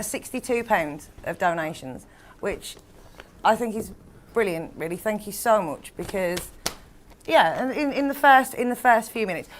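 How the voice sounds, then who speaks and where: A woman with a Black Country accent, a co-presenter reading out comments in a chatty, giggly way. Her voice sits fairly high for a woman and she pokes fun at herself. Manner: chatty, self-deprecating, giggly. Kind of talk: casual live chat.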